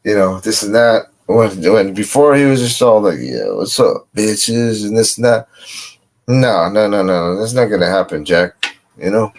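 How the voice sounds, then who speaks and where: A man's voice: on the low side, normal speed. A man casually telling a boastful street story, swearing often. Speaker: guest.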